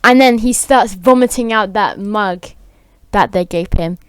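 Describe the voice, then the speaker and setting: Woman improvising a silly rambling story, slow and filler-heavy, close dry mic. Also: mid-range voice, clean tone, no room sound.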